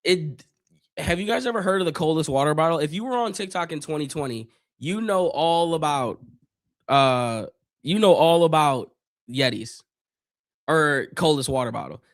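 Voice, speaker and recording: A man from Northeast Ohio hosting a live stream, calling football plays and chatting casually in slangy talk, his voice a little worn and clearing his throat often. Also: a little high, no room sound, studio quality. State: losing his voice a bit. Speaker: livestream host doing play-by-play. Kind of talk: casual live play-by-play and chat.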